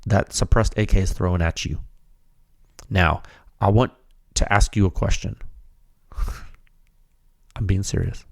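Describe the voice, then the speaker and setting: A man hosting a technical podcast, talking in an emphatic, animated way and often calling listeners dude. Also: fairly low pitch, no echo, studio quality. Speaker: podcast host. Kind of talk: excited technical podcast talk.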